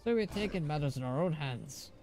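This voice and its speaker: A man's voice: a little high, animated, fairly quick, darkish tone, soft background music, voice pushed up. A man doing a grumbling dwarf brewer. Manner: gruff brogue with "nae" and "ye".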